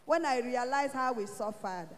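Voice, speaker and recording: A Nigerian woman giving a church testimony, telling her story in an animated way and acting out what others said. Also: a little high, moderate pace, big-room sound. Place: church hall.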